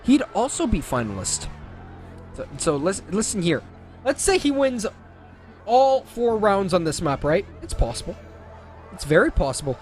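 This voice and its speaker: High-voiced excitable male esports caster. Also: soft background music. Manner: excitable, jokey, rapid self-corrections. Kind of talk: live play-by-play commentary. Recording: game engine and car noise underneath. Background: racing game sounds.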